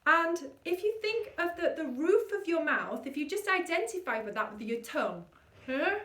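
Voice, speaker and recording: A woman voice coach leading an energetic vocal warm-up and demonstrating the exercises herself. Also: extremely high pitch, moderate pace, reverberant, recorded from a distance.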